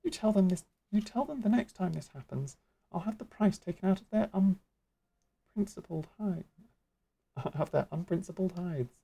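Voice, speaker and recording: A woman putting on a gruff, soft-hearted merchant man. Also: lowish voice, lively intonation, moderate pace, pitched above the performer's own voice, full character voice. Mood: blustering. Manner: blustering, loud, folksy.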